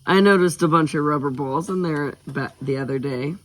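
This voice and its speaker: A man voicing a playful, enthusiastic boy who announces things with showy drawn-out hype. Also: fairly high pitch, a bit bright, close to an everyday voice. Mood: hyped.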